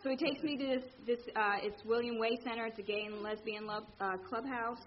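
Philly woman sharing her story at a meeting, kinda high voice, dull lo-fi sound w/ faint hiss. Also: brisk. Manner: candid and animated, acting out quoted voices. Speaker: speaker sharing at a recovery meeting. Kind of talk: personal story told to a meeting.

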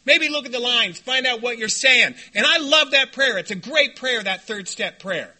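A man telling a personal story at a recovery meeting, animated and self-deprecating, often laughing. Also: very high voice, normal speed.

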